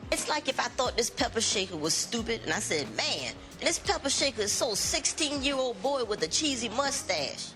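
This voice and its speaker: A stern grown woman scolds a teenager in a scripted ad, played by an actress, her voice pitched high and swinging widely with dry, lecturing sarcasm. Clear music plays under her. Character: stern woman scolding a teen over slurs. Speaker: public service ad spokesperson.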